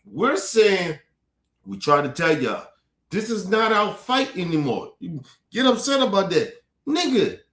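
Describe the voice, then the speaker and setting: A fired-up man rants on his stream in a high voice that swings wildly up and down. His talk is profane and repetitive, and the roomy echo of the space trails each line. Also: big pitch swings, unhurried, a bit bright. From United States. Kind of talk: heated commentary rant.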